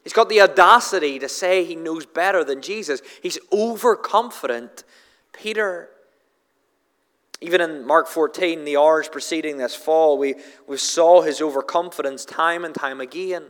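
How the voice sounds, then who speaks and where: Man preaching, high voice, long hall reverb, stammering restarts, dramatic rises and low slow drops. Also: fairly bright tone. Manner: repeats words when starting sentences, with frequent filler "uh". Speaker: pastor. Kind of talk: sermon.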